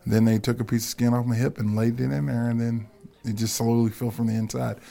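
A man's voice: medium pitch, flat delivery, quick pace, vocal fry, dark tone. A man, a football coach and guest, telling stories in a casual podcast chat and laughing as he talks. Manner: storytelling, laughs while talking.

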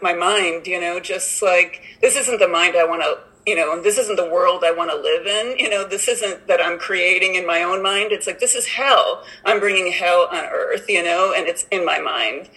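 Woman, recovery meeting share, rambling, filler-heavy, bright tone, video call. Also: lowish voice, normal speed, few pauses, poor audio. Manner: rambling, many "like" and "you know" fillers, laughs often. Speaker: meeting member sharing.

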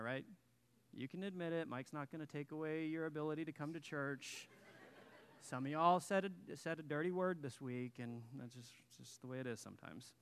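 A man's voice: fairly high pitch, fairly bright tone, clear, resonant tone. A man in his thirties preaching to a church congregation, telling a personal story in a conversational, self-deprecating way and joking with the people in the pews. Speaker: guest pastor. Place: church sanctuary.

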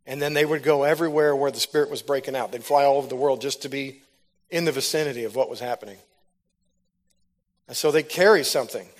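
This preacher talks fast in a mid-range voice. His sermon starts as a personal testimony told like a story, then builds until he's preaching loudly and fervently.

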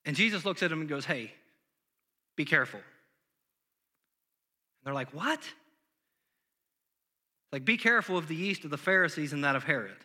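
A man's voice: fairly high pitch, expressive, normal speed, pauses often, pushed and bright. A young man, a pastor, preaching a sermon in a casual, conversational way, full of fillers and asides.

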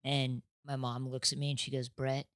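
A man's voice: medium pitch, flat delivery, fairly bright tone, dry recording. Young male guest from Nebraska, chatty and rambling, dry close mic. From Nebraska, USA. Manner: rambling storyteller, quick self-interruptions. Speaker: podcast guest. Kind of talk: casual chat.

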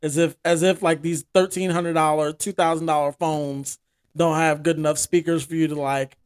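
A man co-hosting a podcast in casual chat, steering the talk loosely with halting restarts. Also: fairly high pitch, little pitch movement, clean tone. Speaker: podcast co-host. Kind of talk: casual music review chat.

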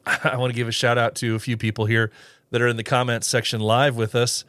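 A man's voice: mid-range voice, little pitch movement, normal speed, a bit bright, no room sound. A man hosting a casual solo podcast, rambling with restarts and little chuckles as he reads live comments. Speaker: podcast host.

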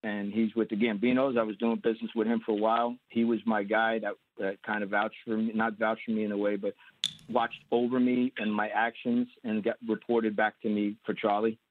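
A man from New York telling a story as an interview guest, animated and acting out the voices of other people. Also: lowish voice, brisk, a little hiss or hum. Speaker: guest, former undercover agent. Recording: tinny phone-like line.

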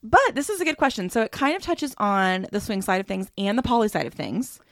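A brash, playful woman co-hosting a podcast, chatting casually and swearing without a second thought. Her voice sits at an ordinary middle pitch and sounds close and dry, with no room around it. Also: very animated, fairly quick, no echo. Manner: loud, playful, swears freely. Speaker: podcast co-host. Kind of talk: casual chat.

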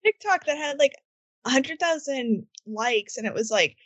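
A woman co-hosting a podcast, telling animated personal stories in casual chat and laughing mid-sentence. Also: sits high, normal speed, dry recording. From Southern California. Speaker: podcast co-host.

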